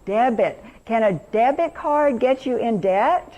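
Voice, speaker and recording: A woman's voice: fairly high pitch, expressive, unhurried, warm tone. A middle-aged woman teacher leading an interactive workshop lesson, enthusiastic and quizzing her audience.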